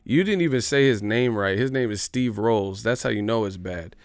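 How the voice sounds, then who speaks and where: A man's voice: on the low side, normal speed, clear, resonant tone, no echo. Brash man giving boxing commentary. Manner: brash, animated, slangy. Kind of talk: live stream commentary.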